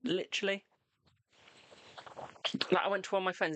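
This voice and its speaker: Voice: medium pitch, steady tone, fairly quick, vocal fry, pauses often, fairly bright tone, no echo. A young adult tarot reader chatting bluntly and casually on a live stream. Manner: blunt, chatty, self-deprecating.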